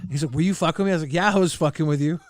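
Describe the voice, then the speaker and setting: A man's voice: a little high, very fast, dry recording, studio quality. A middle-aged man hosting a casual chat show, laughing through his own stories as he reads out chat comments. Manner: storytelling, laughs through anecdotes. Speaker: show host. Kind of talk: casual chat reacting to old clips.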